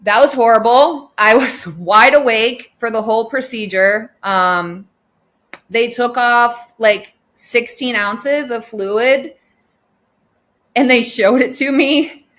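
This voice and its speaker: Woman, bright tone, patient telling her own story conversationally, acts out what others said. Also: on the high side, slow. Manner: chatty, retells scenes with quoted dialogue and frequent "like". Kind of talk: casual personal storytelling.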